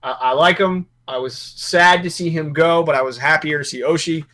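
Casual male sports podcast co-host, slightly high, bright and forceful voice, loose joking delivery. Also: normal speed. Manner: rambling, joking, self-correcting.

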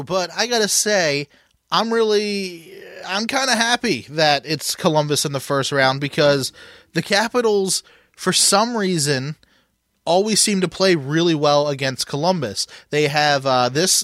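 A man's voice: on the high side, unhurried, fairly bright tone, no room sound. A man hosts a casual sports podcast in a slightly raised voice. The sound is dry and close, with no room in it. He talks loosely, circling back on his phrases as he sets up questions. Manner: conversational, leads questions with restarts. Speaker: podcast host.

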